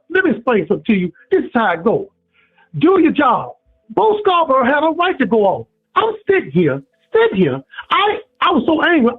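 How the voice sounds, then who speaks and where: A man calling in to a sports radio show, preaching and repeating himself. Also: breathy edge. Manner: preachy, repeats himself, swings high and low. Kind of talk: impassioned call-in rant. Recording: tinny phone line.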